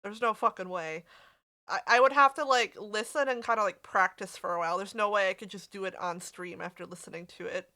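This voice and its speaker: A woman's voice: medium pitch, quick pace, hardly any pauses, sharp tone. A woman streaming a game, chatting casually with her viewers and swearing freely. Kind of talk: casual live-stream chat.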